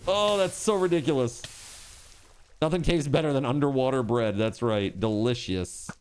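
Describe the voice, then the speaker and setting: A man's voice: mid-range voice, moderate pace, slight background noise. A man streaming a game live, chatting with viewers and yelping and laughing at the action on screen. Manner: excitable, yelps and laughs at the game. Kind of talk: live gaming stream chat.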